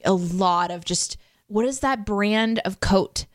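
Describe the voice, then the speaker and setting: A woman's voice: mid-range voice, takes it slowly, no room sound, studio quality. A woman from the United States co-hosting a casual chat, wry and a little hesitant. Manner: wry, hesitant, drifts into mock innocence. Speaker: podcast co-host.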